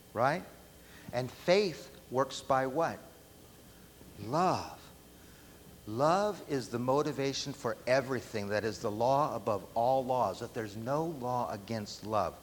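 A man preaching a sermon, emphatic and often asking the room questions. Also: mid-range voice. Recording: long hall reverb, faint background noise.

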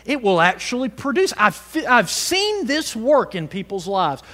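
A man preaching a sermon, swinging from loud exhortation to hushed tones and calling on the congregation to answer him. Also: very high-pitched, very animated, a little slow, long reverb tail. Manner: calls on the congregation to respond.

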